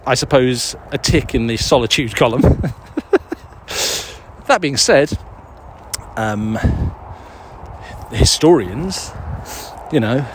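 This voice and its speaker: A man talks loosely to his listeners while walking outdoors, audibly out of breath. He rambles, swears freely and laughs at himself as he answers questions. Faint outdoor noise sits behind his voice. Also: medium pitch. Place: woods outdoors, walking a dog.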